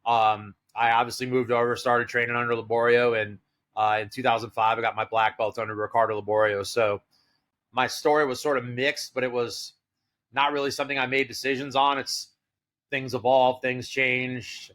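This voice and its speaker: A man's voice: mid-range voice, little pitch movement, normal speed, fairly bright tone. A middle-aged man telling a long story as a podcast guest, rambling with plenty of fillers and quoting what other people said. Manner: rambling, filler-heavy storytelling with quoted dialogue. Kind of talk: casual storytelling.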